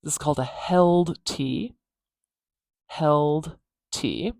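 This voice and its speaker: A phonetics teacher giving a pronunciation lesson, repeating words slowly to demonstrate each sound, with pauses and fillers. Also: mid-range voice, vocal fry, a little mellow, dry recording.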